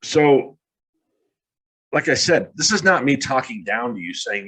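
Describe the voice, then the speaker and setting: A man's voice: medium pitch, sing-song, measured pace, pauses often, fairly bright tone, husky, low-quality recording. A man in his fifties giving an earnest, candid motivational talk with a self-deprecating touch. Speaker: motivational speaker.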